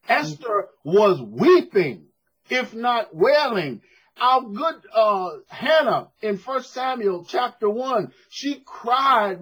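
A man's voice: very high-pitched, a bit bright, slightly rough. A man preaching a sermon to a congregation in a church, emphatic and conversational, calling for responses. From United States.

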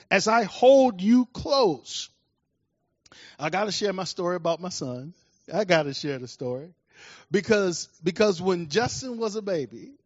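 A man preaching a sermon in an animated way, rising loud and high as he tells stories. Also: dry recording, highs cut off. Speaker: pastor.

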